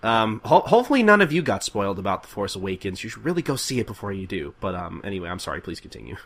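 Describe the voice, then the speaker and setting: A man's voice: on the low side, big pitch swings, racing, fairly bright tone. A young man hosting a podcast in casual chat, laughing easily and making apologetic asides. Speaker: podcast host.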